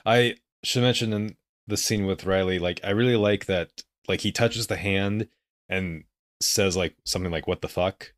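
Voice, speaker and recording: A man's voice: low voice, normal speed, dry recording, clean studio sound. A man co-hosting a casual film podcast, talking in a rambling way with lots of fillers. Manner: rambling, many likes and restarts. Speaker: podcast co-host. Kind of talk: casual movie discussion chat.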